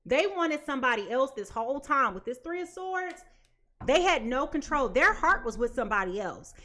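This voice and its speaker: A woman with a high, bright voice gives a live tarot reading. Her pitch swings widely as she talks, and she is blunt and emphatic, driving each point home by repeating it. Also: sing-song, normal speed. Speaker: tarot reader.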